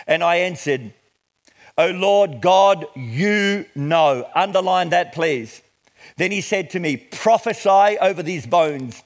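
A middle-aged man preaching a sermon, reading scripture slowly and with emphasis before explaining it. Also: high voice. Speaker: pastor.

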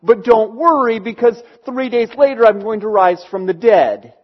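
A man voicing Jesus as a calm, patient teacher, explaining in a plain conversational way. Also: high voice, moderate pace, dull audio. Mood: reassuring.

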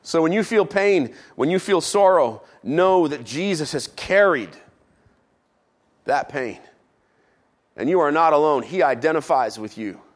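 A man preaching a sermon as pastor, who drops low and quiet for emphasis and adds playful asides. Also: lively intonation, a little slow.

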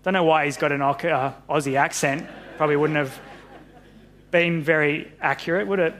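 Animated man reading a children's story. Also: fairly high pitch, normal speed. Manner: animated storyteller, friendly and lively with kids. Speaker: pastor.

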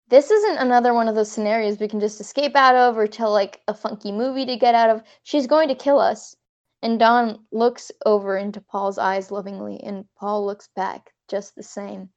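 A woman improvising a comic scenario for her friends, rambling with quick, profane asides. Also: fairly high pitch, steady tone, muffled recording. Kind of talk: casual comedic storytelling.

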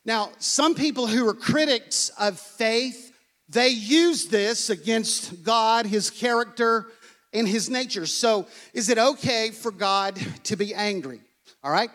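A man's voice: high voice, takes it slowly, a bit bright. A man, a pastor, preaching a sermon in an earnest way, often asking "okay?" and repeating phrases.

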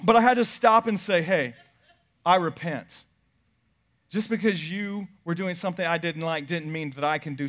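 A pastor in his thirties telling a family story in a sermon, swinging from loud bursts to quiet asides. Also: on the high side.

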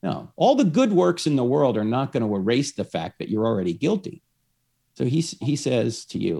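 A man's voice: medium pitch, sing-song, moderate pace, gravelly, dark tone, slightly rough. A man explaining his faith to one listener through a story, acting out the lines of the people in it. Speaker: evangelist.

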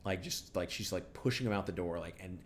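A man's voice: sits low, a little fast. A man co-hosting a podcast, recapping a TV episode in rambling, sardonic casual chat full of fillers. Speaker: podcast co-host.

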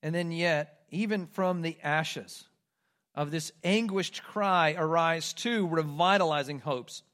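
A man preaching a sermon, reading scripture aloud and moving between loud, pleading cries and hushed, quiet lines. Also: on the high side, slow. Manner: reads scripture aloud with emphasis. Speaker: pastor.

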